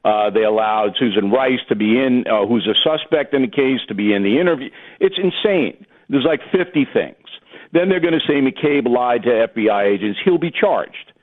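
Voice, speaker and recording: A man's voice: medium pitch, animated, normal speed. A middle-aged man giving blunt, opinionated political commentary as a guest. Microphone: telephone. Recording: phone-line call-in.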